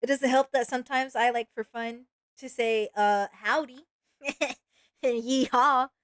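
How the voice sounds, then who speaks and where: A woman's voice: on the high side, steady tone, unhurried, dry recording. A woman from East Texas with a Southern accent, chatting casually and rambling with her viewers while she draws on a live stream. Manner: rambling, chatty, asks chat questions, laughs easily.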